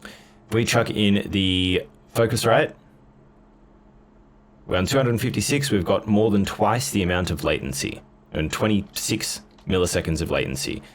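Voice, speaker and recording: A man's voice: on the low side, normal speed. A man casually demoing and comparing guitar gear, blunt and offhand in his comments. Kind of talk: casual gear demo talk.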